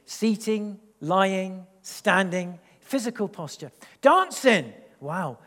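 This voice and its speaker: A man from England, preaching a sermon in a church, animated and rambling with frequent restarts. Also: high voice, a little slow, big-room sound. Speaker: pastor. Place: church hall.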